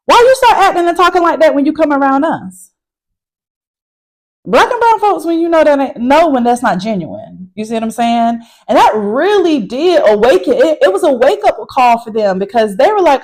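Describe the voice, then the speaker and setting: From a parked car, a woman college instructor recaps a class to camera, emphatic and animated and calling her viewers y'all. Her voice is high-pitched at a moderate pace, and the recording is rough.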